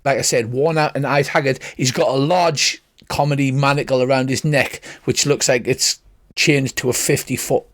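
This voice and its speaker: A man narrating as game master in a tabletop game, measured and descriptive, often starting with "right". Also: medium pitch, fairly even intonation, a bit bright.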